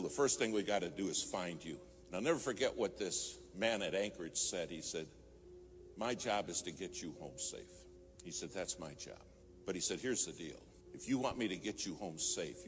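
Deep-voiced preacher over music. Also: male voice, slight background noise. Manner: storytelling, swelling to fervent emphasis. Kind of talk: sermon. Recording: music playing behind.

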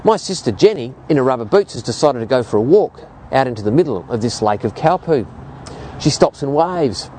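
A man's voice: fairly quick, a little hiss or hum. A man in his fifties with an Australian accent, preaching a sermon and telling stories to make his point. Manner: animated storytelling preacher, lively rises and drops in pitch.

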